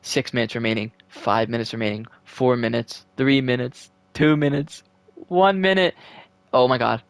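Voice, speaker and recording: Excitable young man commentating a hockey sim. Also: mid-range voice, moderate pace, clear, resonant tone, no echo. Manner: excitable, swears, pleads with the game and cheers his team. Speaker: gaming video creator. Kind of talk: casual play-by-play commentary of a simulated hockey game.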